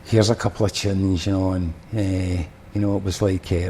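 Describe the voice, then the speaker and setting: A Scottish man with a lowish voice tells a long story about his band days. He talks loosely, circling back and restarting phrases as he goes. It sounds like relaxed podcast chat. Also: moderate pace, few pauses, slight background noise. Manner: rambling anecdotes with many restarts and fillers. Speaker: podcast guest, former band drummer. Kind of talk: casual storytelling.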